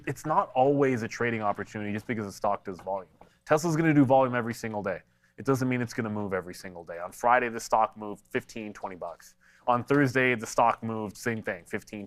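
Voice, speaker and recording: A man co-hosting a live market stream, talking trades in a blunt, plain-spoken way. His voice sits at an ordinary middle pitch and sounds a little congested from allergies. He answers viewers' chat questions as he goes. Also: fairly bright tone. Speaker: stock market show co-host. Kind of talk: live trading commentary.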